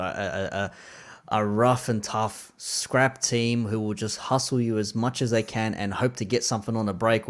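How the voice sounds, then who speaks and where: An Australian man, a guest on a football podcast, thinking aloud in a halting way with frequent restarts. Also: on the low side. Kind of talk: casual football podcast chat.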